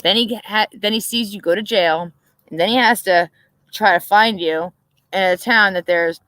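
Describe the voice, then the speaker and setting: A woman's voice: mid-range voice, moderate pace, fairly bright tone, dry recording. A brash woman chatting casually on a live stream, swearing freely and laughing often. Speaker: co-host.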